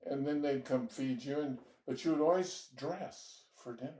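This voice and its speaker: A man's voice: mid-range voice, moderate pace, dark tone, far from the mic. An older man from Georgia telling rambling stories about his youth, with small laughs as he goes. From Georgia, United States. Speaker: interviewee telling his life story. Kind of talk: relaxed storytelling. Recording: echoey room, voice off-mic.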